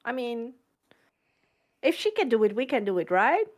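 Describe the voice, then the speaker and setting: Bubbly woman with a lively, bouncing voice. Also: a little high, moderate pace. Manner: bubbly, encouraging, giggly. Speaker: podcast co-host. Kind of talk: casual live-stream podcast chat.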